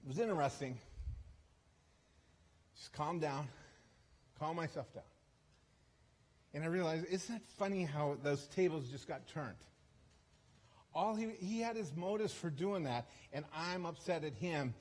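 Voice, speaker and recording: Guy preaching as a guest, kinda high husky voice, rambly and self-deprecating with lots of restarts. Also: lively intonation, unhurried, pauses often, darkish tone. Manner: chatty, self-deprecating, with frequent restarts and asides. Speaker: guest speaker. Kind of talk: storytelling sermon. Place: church service.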